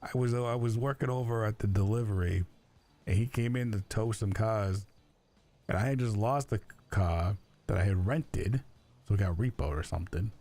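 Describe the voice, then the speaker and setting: Man, gravelly voice, fairly low, in-character roleplay chat, rambling, halting. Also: mellow. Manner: rambling, halting, full of fillers. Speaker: roleplay streamer.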